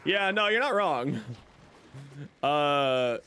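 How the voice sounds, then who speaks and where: A man's voice: on the high side, animated, drawn-out words, bright, forceful tone. A young man streaming a video game, chatting casually with his viewers while he plays. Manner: chatty, answers chat while playing. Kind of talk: casual gaming livestream chat. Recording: game audio and background noise.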